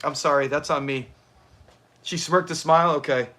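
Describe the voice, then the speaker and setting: A man's voice: a little high, fairly even intonation, normal speed, pushed and bright. A man hosting a livestream watch party, chatting casually, answering viewers and laughing often. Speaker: livestream host.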